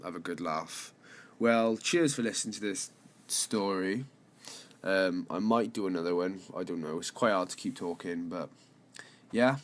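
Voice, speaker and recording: A man's voice: low voice, unhurried, slight background noise. A young man casually telling a rambling, sweary story as a vlogger. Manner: laid-back, sweary, rambling.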